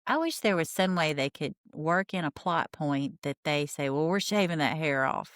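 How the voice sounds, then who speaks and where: A woman's voice: low-pitched, no room sound, studio quality. A woman hosting a podcast, recapping a TV show in a chatty, wry, gossipy way. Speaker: podcast host. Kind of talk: casual TV recap.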